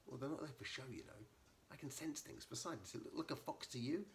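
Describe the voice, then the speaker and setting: A man voicing a bold young female ninja cat who is quick to argue. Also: medium pitch, big pitch swings, a bit bright, slight background noise, voice pushed up. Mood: indignant.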